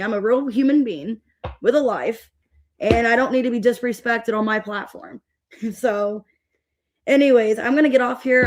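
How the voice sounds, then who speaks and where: A young adult woman hosting a tarot livestream, upset and fed up, venting to her viewers with many restarts. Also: a little high. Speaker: tarot reader livestream host.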